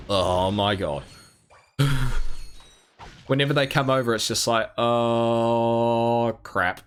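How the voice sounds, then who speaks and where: A man's voice: medium pitch, fairly bright tone, slight background noise. A man from New Zealand chatting casually while streaming a game, rambling and self-mocking with many restarts. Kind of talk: casual gameplay chat.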